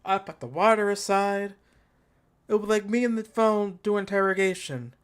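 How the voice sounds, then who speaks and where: Tech youtuber dude ranting live over an event stream, jokey and over the top, slangy, chatting with viewers. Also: male voice, high-pitched, moderate pace, smooth. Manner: ranting, joking, exaggerated mockery; casual slangy banter with chat. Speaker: tech channel host.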